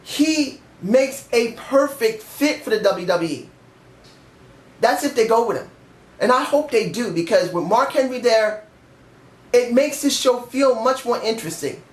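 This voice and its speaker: A man's voice: very high-pitched, lively intonation, measured pace. A man giving a rambling, emphatic and candid casual review of a wrestling show. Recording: echoey room.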